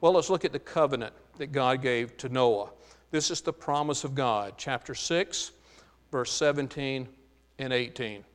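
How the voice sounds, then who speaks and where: A man's voice: mid-range voice, smooth. Preacher man in a reverberant hall. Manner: slow, emphatic Bible teaching with frequent "uh" fillers. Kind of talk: sermon.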